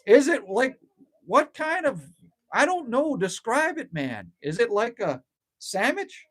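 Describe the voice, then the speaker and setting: Casual host, middle-aged man, rants and swears freely, animated and a little raspy. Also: extremely high pitch, takes it slowly. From Canada. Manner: rambling, ranting, swears freely. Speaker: livestream host. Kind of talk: casual livestream chat, reading viewer comments aloud. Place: outdoors at a cabin. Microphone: phone livestream.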